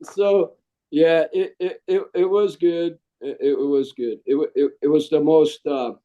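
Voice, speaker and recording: A middle-aged man, a Marine veteran, telling stories in a casual interview, animated and jokey and saying "man" a lot. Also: a little high, a little slow, dull audio.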